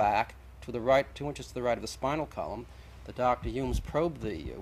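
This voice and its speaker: A man's voice: mid-range voice, a little hiss or hum, rough recording. A man, the guest in a televised debate, arguing insistently and methodically, point by point.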